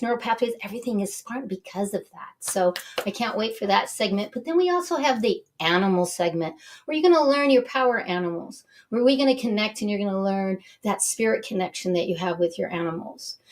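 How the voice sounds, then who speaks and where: Bubbly, gushing woman show host. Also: fairly high pitch. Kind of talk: upbeat show introduction.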